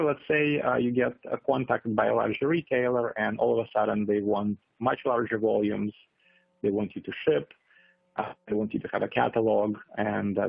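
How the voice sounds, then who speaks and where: A man presenting a business webinar, speaking in a halting way with many fillers. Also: on the low side, gravelly, slightly rough, no echo. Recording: tinny phone-like audio.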